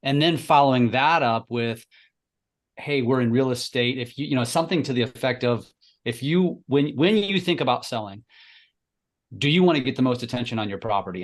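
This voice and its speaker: A man who coaches real estate agents on social media, talking animatedly in a casual webinar and often restarting his sentences. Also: medium pitch. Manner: animated, with many restarts and repeated words.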